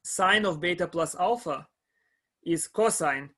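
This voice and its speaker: A man giving a live calculus lecture to a class, pausing often, repeating words and checking that students follow. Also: on the high side, a bit bright. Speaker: math lecturer.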